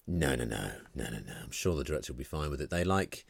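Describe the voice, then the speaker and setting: A man co-hosting a podcast, dry and gently teasing. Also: a bass voice, expressive, fast, vocal fry, breathy edge, dry recording. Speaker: podcast co-host. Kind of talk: casual chat.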